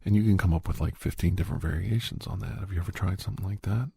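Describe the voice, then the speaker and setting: Husky low-voiced man in whispered role-play. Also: very fast, warm tone, dry recording, clean studio sound. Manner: rambling, coaxing, half-whispered advice.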